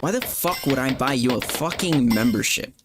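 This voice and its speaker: A man's voice: mid-range voice, expressive, moderate pace. A man hosting a gaming stream, chatting casually with blunt, profane banter. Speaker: stream host. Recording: noisy game stream audio.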